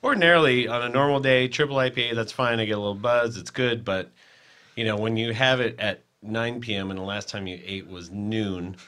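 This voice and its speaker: A man's voice: fairly low pitch, steady tone, brisk, fairly bright tone. A man co-hosting a podcast, telling stories in casual chat with laughter and acted-out quotes. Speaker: podcast co-host.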